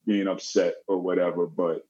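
Animated storytelling man, dull audio. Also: low voice, normal speed. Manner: animated, acts out quoted voices. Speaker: guest. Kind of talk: casual storytelling.

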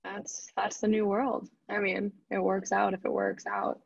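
A woman's voice: mid-range voice, level tone, a little slow, vocal fry, breathy edge, dry recording. A woman appearing as a podcast guest, chatting in an easygoing way and laughing often. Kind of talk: casual chat. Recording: dry, dull lo-fi sound.

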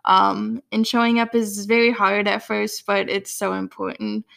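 A young woman co-hosting a faith podcast, giving relaxed, practical advice on starting to pray. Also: mid-range voice, unhurried, vocal fry. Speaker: podcast co-host. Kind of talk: casual faith chat.

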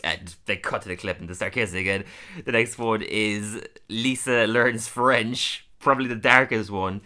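A man's voice: lowish voice, fairly even intonation, normal speed, pushed and bright. A man casually recapping cartoon episodes for a podcast, laughing often and throwing in lots of fillers. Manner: chatty, laughs often, many fillers, acts out quotes. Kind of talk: casual chat.

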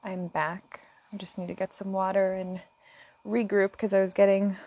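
A woman's voice: medium pitch, level tone, moderate pace, mellow. A woman talking straight to her viewers in an earnest, impassioned way, at times close to tears. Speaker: vlogger. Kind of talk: emotional direct-to-camera talk.

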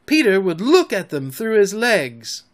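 A man's voice: sits high, sing-song, measured pace, voice pushed up. A man doing a crowd of eager young boys. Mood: anxious. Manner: crying out together, eager.

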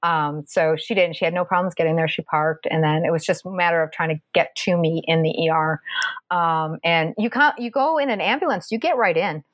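Animated woman with a lowish voice. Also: a little fast, no echo. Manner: animated, acts out quoted voices with pitch jumps. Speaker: guest telling a personal medical story. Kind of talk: casual storytelling.

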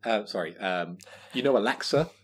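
A man's voice: fairly low pitch, animated, normal speed, breathy edge. A man co-hosting a gaming podcast, teasing his friends and hesitating with fillers as he talks. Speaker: podcast co-host. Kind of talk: casual chat.

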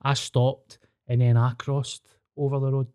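A man's voice: mid-range voice, level tone, a little slow, a little mellow, clear, resonant tone. Sweary Scottish man telling stories. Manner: sweary, anecdotal. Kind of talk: casual chat, storytelling.

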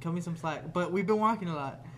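A young man in casual chat, telling animated stories and swearing freely. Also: high-pitched, quick pace, slight background noise. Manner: animated storytelling, heavy swearing.

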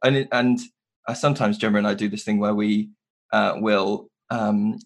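A man with a lowish voice talks casually as a host, sharing stories from his teaching. He sometimes pauses to search for the right word. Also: level tone. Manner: searching for words, with anecdotes. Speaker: podcast host, forest school teacher. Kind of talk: casual conversational chat.

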